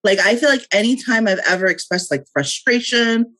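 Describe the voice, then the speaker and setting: A woman's voice: on the high side, normal speed, bright, forceful tone. A woman co-hosting a casual podcast chat, speaking earnestly and scattering "like" throughout. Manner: earnest, frequent "like" fillers. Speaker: podcast co-host.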